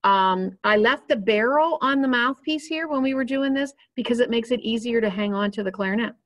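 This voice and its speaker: A woman teaching a beginner's clarinet lesson in a patient, instructive way. Her voice sits a little higher than most women's. She walks through each step while handling the instrument. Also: fairly quick.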